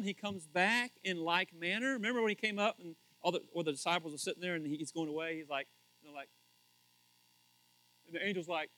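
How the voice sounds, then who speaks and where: A middle-aged male pastor preaching a sermon in a joking, animated way, acting out quotes with sudden loud shouts. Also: high-pitched, brisk, poor audio.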